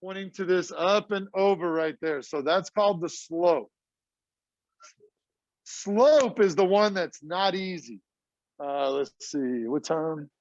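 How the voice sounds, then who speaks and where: A man's voice: sits high, slow pace, dry recording, muffled recording. A middle-aged man, a math teacher talking casually to his class in a classroom. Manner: chatty, casual and talkative, addresses the class as y'all.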